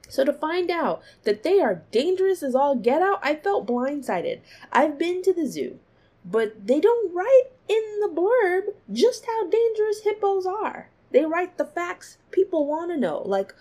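A woman hosting a casual solo podcast, animated, laughing often and jumping into high exclaiming bursts. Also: a little slow. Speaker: podcast host.

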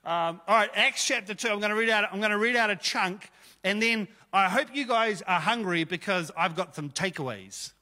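Preaching at a moderate pace into a stage mic, a male pastor keeps his sermon chatty and jokey, addressing the crowd as if they were friends. He has a high, bright voice for a man, and the hall leaves a long reverb behind each phrase.

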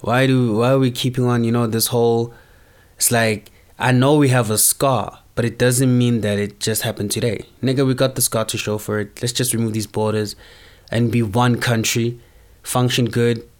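Young male podcaster from South Africa; loose, slangy, animated monologue. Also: medium pitch, moderate pace. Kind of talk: casual monologue.

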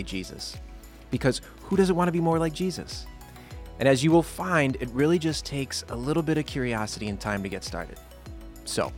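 A man co-hosting a casual faith podcast, upbeat and playful, prone to tangents. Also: mid-range voice. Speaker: podcast co-host.

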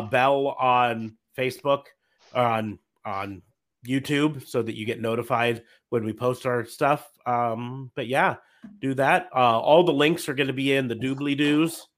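A man in his thirties hosts a loose podcast chat, winding down the episode. He talks in an easygoing, meandering way, full of fillers and restarts. His voice sits at an ordinary middle pitch. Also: a little slow. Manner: relaxed, rambling with many fillers. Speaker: podcast host.

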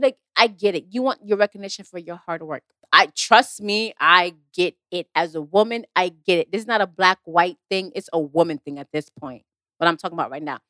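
A woman's voice: medium pitch, a bit bright, no room sound. A woman talking about her acting career in a casual motivational talk, emphatic and repetitive, acting out the exchanges she quotes. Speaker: actress giving career advice.

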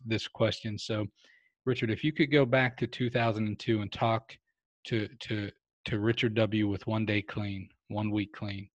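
A man's voice: on the low side, no echo. A man hosting a recovery podcast, talking earnestly with many restarts. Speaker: podcast host.

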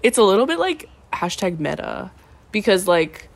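A woman's voice: medium pitch, sing-song, normal speed, creaky. A young woman co-hosting a podcast, chatting casually and playfully with lots of fillers. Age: young adult. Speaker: podcast co-host. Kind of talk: casual chat.

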